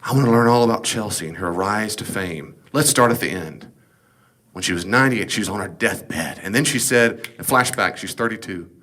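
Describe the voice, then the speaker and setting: A man with a somewhat low voice teaches a Bible study in a relaxed, conversational way. He leans into his points with emphasis and keeps asking the class rhetorical questions. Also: normal speed.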